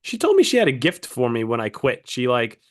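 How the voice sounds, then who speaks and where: A man's voice: mid-range voice, huge pitch swings, fairly quick. A man co-hosting a casual podcast, telling rambling stories in a laid-back way and swearing now and then. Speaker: podcast co-host.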